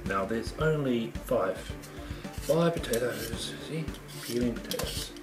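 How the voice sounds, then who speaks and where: A man's voice: mid-range voice, animated, measured pace, echoey room, over music. A man with a New Zealand accent hosting a goofy comedic cooking show from his home kitchen, full of playful sing-song exclamations.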